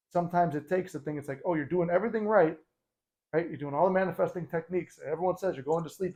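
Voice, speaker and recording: A man's voice: fairly high pitch, dark tone. A man hosting a casual motivational talk, speaking conversationally and bluntly with the odd swear. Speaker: host.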